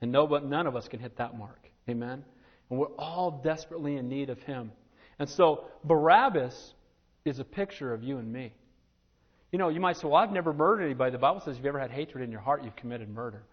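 A male pastor preaching a sermon, swinging from loud exclamations down to hushed, earnest tones. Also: medium pitch, animated, brisk. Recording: muffled lo-fi recording.

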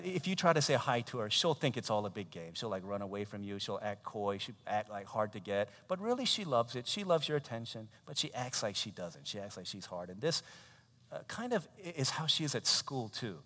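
A man in his thirties preaching a sermon, telling a family story in an animated way, with laughter and acted quotes. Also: medium pitch. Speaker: pastor. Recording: long hall reverb.

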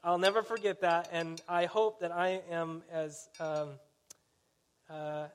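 A pastor preaching a sermon in a conversational storytelling way, often asking the listeners questions. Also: male voice, a little high, fairly even intonation, slow pace, clear, resonant tone.

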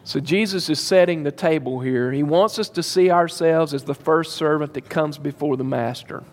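A man preaches to his congregation with a somewhat high-pitched voice. He leans hard on his points and repeats them for weight. His voice echoes with the long reverb of a large church hall. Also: normal speed. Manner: emphatic, repeats key phrases, addresses the congregation directly. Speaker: pastor. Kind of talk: sermon.

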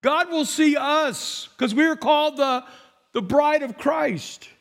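A male pastor preaching a sermon, telling stories in an animated way with repetitions and asides. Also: extremely high pitch, takes it slowly, vocal fry. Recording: long hall reverb.

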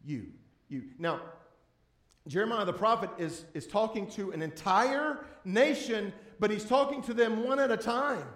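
A man preaching a sermon as pastor to a congregation, emphatic, swinging between loud bursts and hushed, drawn-out words, repeating key words for emphasis. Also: high voice, animated. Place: church sanctuary before a congregation. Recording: echoey room.

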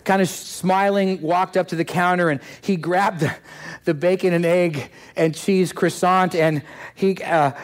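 Guy telling a story for a devotional talk, bit high voice, lots of pauses and restarts. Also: fairly even intonation. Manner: reflective, with frequent restarts and pauses. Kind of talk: sermon-style storytelling.

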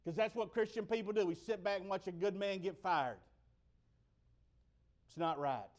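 Preacher with a fairly high voice. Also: male voice, darkish tone. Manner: conversational, rising to emphatic peaks, then dropping low and slow. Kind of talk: sermon.

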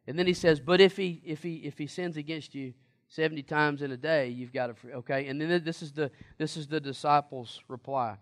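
A man's voice: fairly high pitch, fairly even intonation, a little fast. A man preaching a sermon in a conversational, emphatic way and asking the congregation questions.

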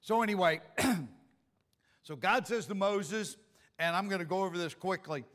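A man's voice: high-pitched, a little slow, long pauses, a bit bright, big-room sound. A man preaching a sermon in a casual, joking way, acting out the lines he quotes. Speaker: pastor.

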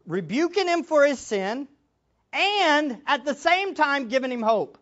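Man, pastor, emphatic sermon, lively swooping pitch, muffled lo-fi recording. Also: normal speed. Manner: emphatic, animated preaching with repetitions.

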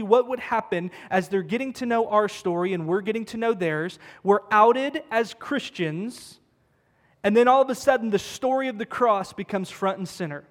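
A man preaching a sermon as pastor, emphatic and conversational, repeating words for stress. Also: high-pitched. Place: church sanctuary. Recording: long church-hall reverb.

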